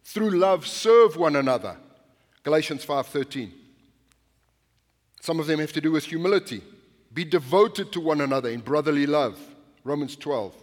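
A man's voice: fairly high pitch, lively intonation, moderate pace, long pauses, big-room sound. A male pastor preaching a sermon in a conversational, anecdotal way, often restarting his sentences. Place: church sanctuary.

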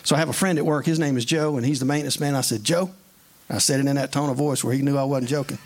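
Man, preacher, sermon, mid-pitched voice, earnest and conversational, plain storytelling. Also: fairly even intonation, rapid-fire.

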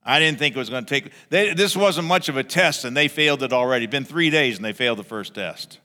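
A man preaching a sermon as pastor, animated, acting out a grumbling crowd in raised voices. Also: medium pitch, fairly quick, big-room sound.

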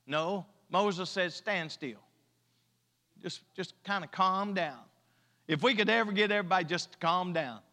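A man's voice: sits high, normal speed, pushed and bright. A man preaching a sermon at a church service, drawing out emphatic repeated lines and mixing in humor. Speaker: pastor. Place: church sanctuary. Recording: church hall reverb.

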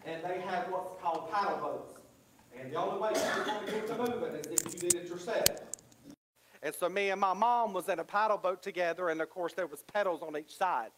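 A man with a high-pitched voice preaches a sermon in a drawl. He is middle-aged and builds his points through repetition and rising emphasis. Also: a bit bright, poor audio. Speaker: pastor.

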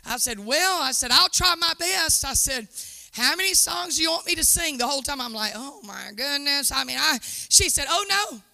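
A woman preacher telling her testimony in an animated, exclaiming sermon style before a live church audience. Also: sits high, moderate pace, gravelly. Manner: animated storytelling, exclaiming and laughing.

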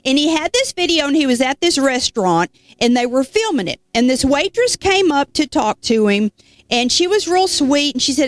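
A woman preacher telling a story in an animated, folksy sermon, with casual asides to the congregation. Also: sits high, normal speed.

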